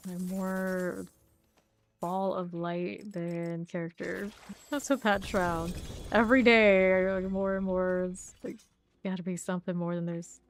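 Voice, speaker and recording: Her voice sits lowish and fairly even as she talks a little slowly over slight background noise. She's streaming a game, casually chatting to herself while she plays, humming and counting under her breath.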